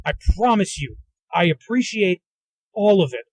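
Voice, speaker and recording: A man's voice: high voice, lively intonation, moderate pace, no room sound, rough recording. A man hosting a podcast, delivering an agitated, profane solo rant while riding in a car. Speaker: podcast host. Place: inside a moving car. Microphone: handheld recorder in a car.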